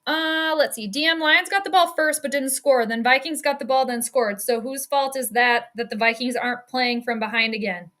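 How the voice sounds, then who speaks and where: A woman with a high-pitched, sharp and bright voice calls a football game live from her home stream. She talks casually, laughs often, and reads out her chat as she goes. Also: moderate pace, hardly any pauses. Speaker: sports streamer doing live game commentary. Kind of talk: casual live play-by-play commentary.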